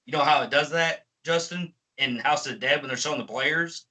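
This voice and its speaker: A man's voice: on the high side, a little fast, sharp tone, low-quality recording. A man giving a profane, exasperated ranting movie review as a film reviewer.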